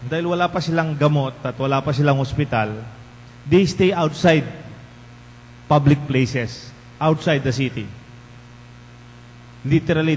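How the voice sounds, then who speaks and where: Filipino priest giving a chatty homily, kinda high voice, big echoey church. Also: male voice. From Philippines. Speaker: parish priest. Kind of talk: bilingual homily. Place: large church. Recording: long church reverb, faint hum.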